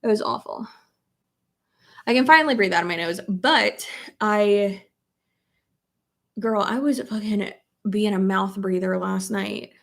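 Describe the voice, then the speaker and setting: A young woman with a cold-stuffed nose talks through her makeup routine in a loose, blunt way. She swears freely and reads comments aloud as she goes. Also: mid-range voice. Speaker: beauty vlogger. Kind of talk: casual get-ready-with-me chat while doing makeup. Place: home, at a makeup table.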